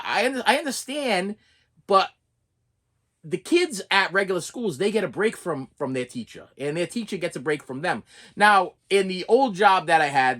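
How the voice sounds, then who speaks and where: Middle-aged preschool teacher, storytime rant, lively swooping pitch, trips over words. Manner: exasperated, repeats words and restarts often.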